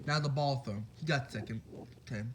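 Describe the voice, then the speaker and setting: A young man casually retelling a fan story, rambling and excitable, full of fillers and quick apologies. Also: medium pitch, a little hiss or hum.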